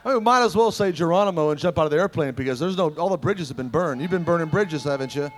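A middle-aged man preaching at a revival service, telling personal stories in an animated way that swings from loud, ringing lines to hushed ones. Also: a little high, fast.

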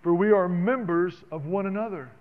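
A man preaching a sermon in an animated, conversational way, calling out to the congregation. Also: sits high, fairly quick. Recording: dull sound with long reverb in a hall.

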